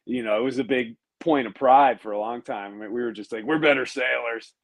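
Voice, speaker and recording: A man who races sailboats, talking through ocean routes in a relaxed, thoughtful way with frequent pauses. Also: mid-range voice. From United States. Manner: explanatory, thoughtful, with frequent ums. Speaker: professional racing sailor guest. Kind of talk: relaxed conversational podcast chat.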